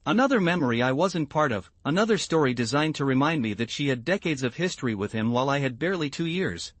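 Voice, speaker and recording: A man's voice: medium pitch, lively intonation, fast, hardly any pauses, no room sound. Man narrating a first-person story.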